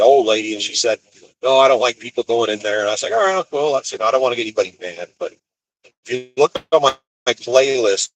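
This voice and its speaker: A man's voice: mid-range voice, rough recording. Man, van driver, wry rambling live stream, talking from his van, phone mic. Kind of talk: casual storytelling live stream. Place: inside his van on the road.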